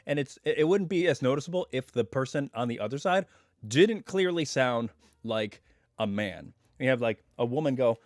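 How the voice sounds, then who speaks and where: A slightly hoarse man chats away to his live stream viewers from home, drifting through asides and tangents. His voice sits at an ordinary middle pitch. The sound is close and dry, with no room echo. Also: expressive, normal speed. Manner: chatty and rambling, full of asides. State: hoarse, recovering voice. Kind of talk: casual live stream chat.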